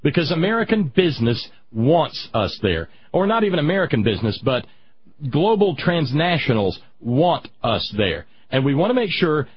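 A man hosting a political talk show, rambling and halting, reading out chat comments, with a husky voice. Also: fairly high pitch, sing-song, no room sound. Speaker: radio talk host. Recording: dull lo-fi radio sound.

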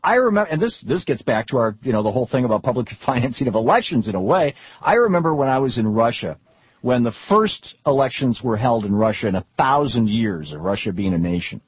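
A man's voice: mid-range voice, very animated, quick pace, breathy edge, no room sound. A middle-aged man talking politics off the cuff, rambling with frequent restarts and repeated words as he tells stories to make his point. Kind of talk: unscripted political talk with anecdotes. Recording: dull lo-fi recording.

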